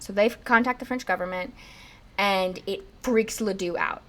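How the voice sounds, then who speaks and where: At a moderate pace and in a mid-range voice, a young woman casually relates a piece of history on her podcast. Her delivery is chatty, heavy on "like," and she performs quoted lines with liveliness.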